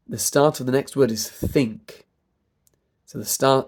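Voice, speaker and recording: A man with a British RP accent and a stuffy nose, coaching pronunciation by stretching vowel sounds very slowly. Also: mid-range voice, slight background noise. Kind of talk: slow demonstration of vowel sounds.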